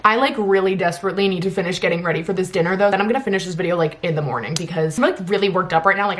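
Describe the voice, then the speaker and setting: A woman in her twenties talking to camera in a confessional vlog, telling a story in a worked-up, swearing rush, then turning soft and tender toward her viewers. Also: medium pitch, very fast, hardly any pauses, slight background noise. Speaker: vlogger. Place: her home in Los Angeles.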